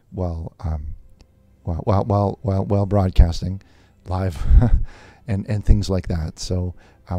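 A man playing a nervous televangelist host on a call-in show, talking haltingly with many fillers and restarts. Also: low-pitched, mellow, dry recording, lightly acted.

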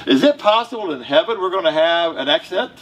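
A man's voice: fairly high pitch, lively intonation, fairly quick, fairly bright tone, highs cut off. A male pastor with a Southern US accent preaching a sermon in a conversational, joking way to his congregation. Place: church sanctuary. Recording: distant mic with faint room noise.

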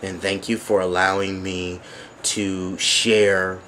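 Deep-voiced, gushing male vlogger. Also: flat delivery, slow, bright, forceful tone, slight background noise. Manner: gushing, grateful, chatty with many fillers. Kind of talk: casual thank-you vlog. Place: at home, sitting.

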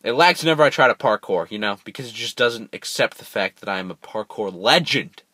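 A man's voice: on the low side, fairly quick, bright, forceful tone, dry recording. A young man giving casual let's play commentary, chatting to viewers and bursting out in frustration when the game goes wrong. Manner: chatty, talks to viewers, erupts in frustrated outbursts. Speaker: gameplay commentator.

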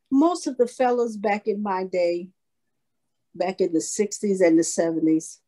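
Older woman, unhurried storyteller with an animated, sing-song poetry-reading voice. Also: medium pitch. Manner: slow, lively delivery with sing-song recitation. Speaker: producer and guest speaker.

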